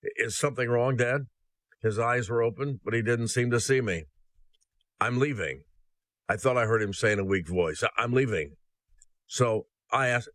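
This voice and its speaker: A man's voice: medium pitch, a bit bright, no room sound. A man hosting a ministry podcast. He reads a personal story aloud, then gives an earnest devotional message that addresses listeners as brothers and sisters.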